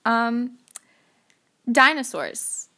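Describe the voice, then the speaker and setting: A young woman hosting a playful mock podcast in a mock-serious, deadpan way. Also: a little high, extremely slow. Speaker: podcast host.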